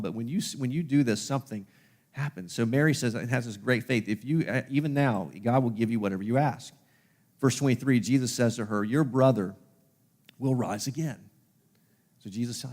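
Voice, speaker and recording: A man preaching a sermon at a mid-range pitch. He tells the story with animation, speaking the characters' lines in his plain voice. He slows down and grows softer on the key lines. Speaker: pastor.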